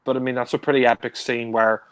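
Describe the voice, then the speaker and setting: A man's voice: mid-range voice, little pitch movement, fast, clean tone, no echo. A man co-hosting a casual film discussion, rambling with many fillers, laughing and swearing. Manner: mimics characters in raised voice. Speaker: film review co-host.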